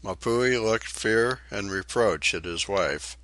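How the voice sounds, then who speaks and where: A man reading a short story aloud in a measured, even storytelling way. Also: fairly low pitch, a little hiss or hum. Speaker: audiobook reader. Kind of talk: audiobook narration.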